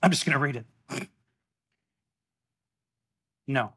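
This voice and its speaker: A man preaching a sermon in a church, animated and exclamatory in a conversational way. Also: medium pitch, takes it slowly, slightly rough. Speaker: pastor.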